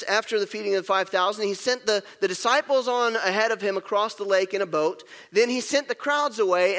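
High-voiced pastor preaching in an echoing hall. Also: male voice. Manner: animated storytelling, acts out scenes. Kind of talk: sermon.

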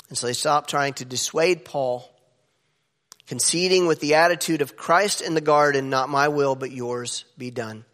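A man preaching a sermon as pastor, animated and jumping up in pitch for emphasis. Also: normal speed. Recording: echoey hall with long reverb.

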